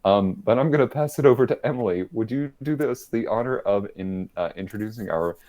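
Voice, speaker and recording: Fairly quick and low-pitched, his dark voice carries a relaxed livestreamed podcast conversation held over video call. The host laughs a lot and keeps mocking himself in a playful way.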